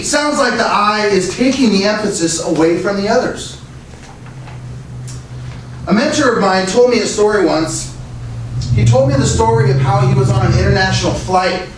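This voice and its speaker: A man's voice: sits high, moderate pace, pauses often. A man giving a prepared Toastmasters speech, earnest, asking rhetorical questions. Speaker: Toastmasters speaker. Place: meeting room. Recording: echoey room, distant mic, faint noise.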